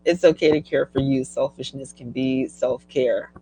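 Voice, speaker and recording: A middle-aged woman hosting a casual live stream, chatty and animated, laughing often as she reads viewer comments. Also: rumbling low, moderate pace, husky, no room sound, poor audio. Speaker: livestream host.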